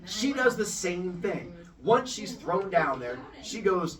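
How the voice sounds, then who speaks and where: Here the voice is sing-song and bright-ish, taking its time with hardly any pauses, captured on a distant mic. The man is a storyteller host casually recasting an old myth as comedy. He slips playfully into high, squeaky voices for characters.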